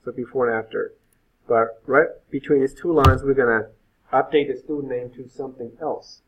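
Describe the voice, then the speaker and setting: A man's voice: medium pitch, fairly even intonation, moderate pace, breathy edge. A male web instructor giving an informal live coding lecture, thinking aloud with frequent fillers. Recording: phone-like lo-fi sound.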